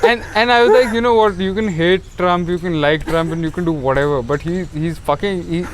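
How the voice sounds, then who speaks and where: A man's voice: fairly high pitch, a little fast, noisy background. A young man from India co-hosting a casual comedy podcast, swearing freely and laughing as he tells stories. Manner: profane, laughing, storytelling. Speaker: podcast co-host.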